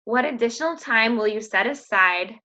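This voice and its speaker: A woman's voice: on the high side, expressive, moderate pace, bright, forceful tone. A woman coaching her fitness team in an emphatic, slangy pep talk. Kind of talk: motivational team call.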